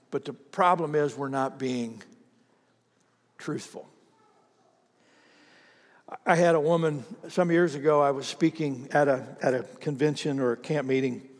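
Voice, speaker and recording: A man preaching a sermon, telling stories with acted-out voices and calling on the congregation to respond. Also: mid-range voice. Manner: animated storytelling, acts out voices, asks the congregation to respond. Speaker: pastor. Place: church hall with congregation. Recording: reverberant hall.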